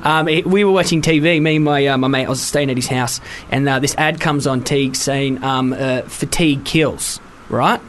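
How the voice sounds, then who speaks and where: Fast-talking male podcast co-host. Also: mid-range voice, a little hiss or hum. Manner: quick, animated storytelling with laughs. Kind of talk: casual chat, anecdotes.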